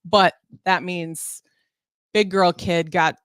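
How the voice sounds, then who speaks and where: A woman's voice: lowish voice, steady tone, slow pace, a bit bright, clear, resonant tone, no echo. Chatty, easily sidetracked woman co-host. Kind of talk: casual live-stream chat.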